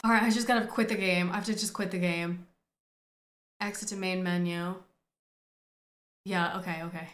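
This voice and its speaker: A woman giving excitable, profane play-by-play commentary on a game, often breaking into laughter. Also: medium pitch, normal speed, pauses often, echoey room. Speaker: gaming streamer. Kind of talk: casual gameplay commentary. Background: faint game music.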